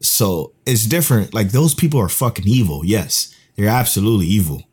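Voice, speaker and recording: A man co-hosting a casual podcast chat, animated and profane, laughing often. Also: lowish voice, brisk, slightly rough. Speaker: podcast co-host.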